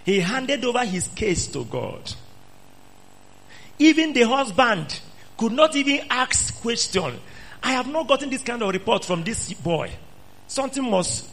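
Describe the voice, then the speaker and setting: A man's voice: sits high, gravelly, a bit bright, breathy edge. A man preaching an emphatic sermon, repeating phrases and questioning the congregation. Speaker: pastor.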